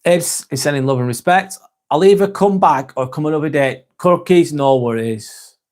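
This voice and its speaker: A man's voice: fairly high pitch, normal speed, a little mellow. A man hosting a casual live stream, reading out chat comments in a rambling, sweary, sometimes sarcastic way.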